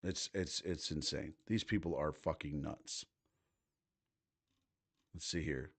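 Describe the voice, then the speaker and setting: A man's voice: very deep voice, slow pace, a bit bright, slightly rough. A man in his thirties hosting a livestream, reading posts aloud and reacting with casual, profane commentary. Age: 30s. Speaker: livestream host.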